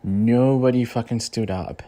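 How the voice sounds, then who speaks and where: A Mexican-American podcast host runs a casual rant show, heated and loose, swearing a lot and filling pauses with "you know" and "like." His mid-range voice is dark in tone and measured in pace.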